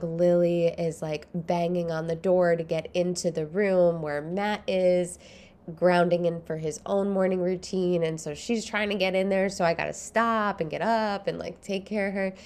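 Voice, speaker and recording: Early in the morning at home, a woman hosts her own podcast in a casual solo monologue, chatty and rambling, laughing often. Her voice is lowish with a darkish tone.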